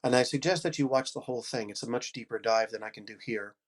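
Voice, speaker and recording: Talking quickly in a mid-range voice, a man in his fifties who narrates audiobooks and coaches delivers a conference talk. Though he has a head cold, his manner stays generous, upbeat and supportive.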